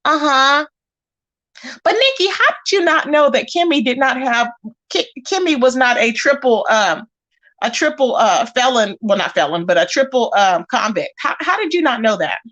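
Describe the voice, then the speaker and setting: Speaking at a moderate pace in a voice on the high side, a female livestream host goes through chat comments and calls people out. She's animated and talks straight to her viewers. The sound is lo-fi.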